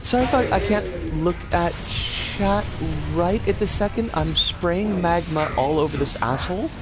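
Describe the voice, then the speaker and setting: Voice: medium pitch, moderate pace, loud music behind the voice. A streamer talking through a live game session, reading chat aloud, with frequent stammered restarts and mild swearing. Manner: chatty, self-correcting, reads chat aloud.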